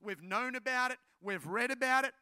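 Male pastor, sermon, very high voice, dry close sound, repeats phrases for emphasis. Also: moderate pace, smooth, no echo. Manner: lively anecdotal storytelling that shifts into direct preaching. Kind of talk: sermon with storytelling.

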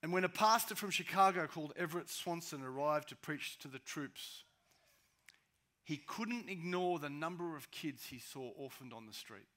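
A man preaching a sermon as pastor, swinging between loud, urgent rises and quiet, slow drops. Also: fairly high pitch, lively intonation.

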